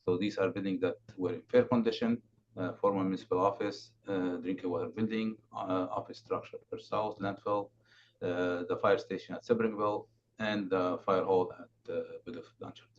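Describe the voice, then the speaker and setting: A man giving a consultant's presentation at a council meeting, halting with many fillers and restarts. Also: low voice, steady tone. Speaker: building condition consultant presenting. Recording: dull lo-fi remote audio, faint noise.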